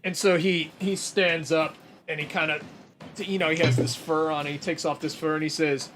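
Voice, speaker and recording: A man narrating a tabletop role-playing game as game master, in a relaxed, chatty way. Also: a little high, normal speed, faint music behind.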